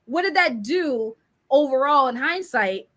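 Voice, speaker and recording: A woman talking candidly as a panelist on a discussion show, telling stories in an animated way. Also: sits high, unhurried.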